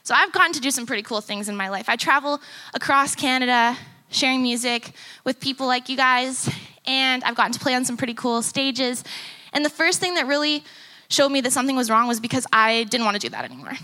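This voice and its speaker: Bright-voiced young woman sharing a testimony. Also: high voice, animated, fairly quick. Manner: conversational, acts out remembered dialogue. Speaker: conference speaker and musician. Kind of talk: personal testimony talk. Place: conference stage before teens.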